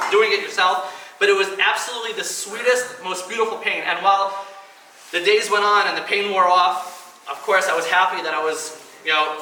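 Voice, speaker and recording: A man's voice: high voice, sharp tone. A man in his thirties giving a personal speech at a kidney donation event, telling his story earnestly and acting out the voices he quotes. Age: 30s. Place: event hall. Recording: echoey hall, mic at a distance, faint noise.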